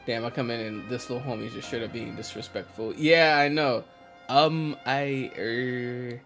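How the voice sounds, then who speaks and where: A man streaming a game live, commentating in a loud, excitable, profane way and laughing often. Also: medium pitch, measured pace, faint music behind.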